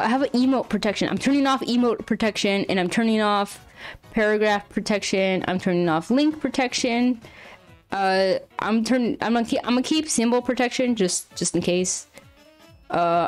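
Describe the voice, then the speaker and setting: A woman's voice: mid-range voice, normal speed, faint music behind. A young woman streaming live while drawing, flustered and apologetic, often laughing and exclaiming as she talks to her chat.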